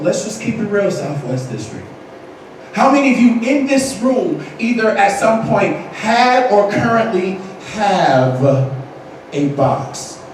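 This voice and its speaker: Male motivational speaker, high voice, dramatic storyteller, booming echo of a big hall, mic far off. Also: a little hiss or hum. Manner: animated, dramatic storytelling with bursts of shouting. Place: large hall at a conference.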